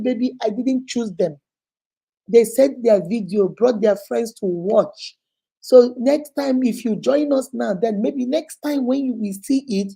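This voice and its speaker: Effusive Nigerian woman with a mellow voice. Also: fairly high pitch, vocal fry, slightly rough, rough recording. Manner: effusive, repetitive, greets viewers by name. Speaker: livestream host. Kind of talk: casual livestream chat.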